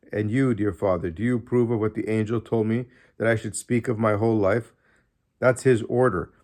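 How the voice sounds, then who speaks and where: A man reading a diary aloud in an earnest, measured way, pausing often. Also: lowish voice. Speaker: audiobook reader. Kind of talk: scripted narration of a diary.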